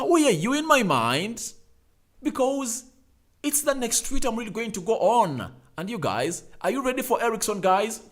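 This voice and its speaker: Hyped man hosting a football live stream. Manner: hyped, repeatedly urging viewers to like; energetic, swings loud and high. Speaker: football channel host. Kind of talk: live-stream transfer news chat.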